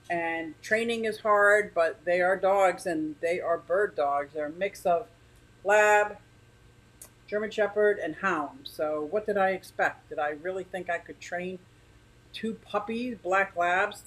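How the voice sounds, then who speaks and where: A woman's voice: lowish voice, low-quality recording. A woman hosting a casual livestream from her living room, rambling chattily and greeting viewers by name. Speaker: aquarium channel host.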